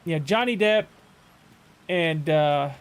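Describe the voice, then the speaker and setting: Guy streaming a game, kinda high voice, rambles and restarts a lot, just chatting. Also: takes it slowly, smooth. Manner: rambling anecdotes with frequent restarts. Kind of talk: casual chat while gaming.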